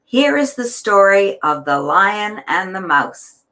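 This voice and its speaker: Bright-voiced woman introducing a show. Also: medium pitch, very animated, slow pace. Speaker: puppeteer. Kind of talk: introducing a performance.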